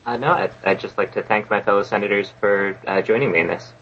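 A man's voice: on the low side, fast, fairly bright tone, dull audio, a little hiss or hum. A man speaking as a panelist, modest and hesitant. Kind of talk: panel discussion.

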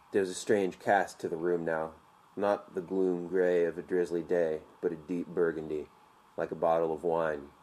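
A man narrating an audiobook in a measured, vivid storytelling manner. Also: low voice, flat delivery, a little mellow.

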